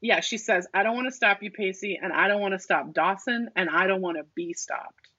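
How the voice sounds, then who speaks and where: A woman co-hosting a casual chat, retelling a TV scene and acting out its lines softly. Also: mid-range voice, fairly quick, slightly rough, no room sound. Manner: acts out quoted lines, softens into a hush. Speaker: podcast co-host. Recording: dull, muffled dry sound.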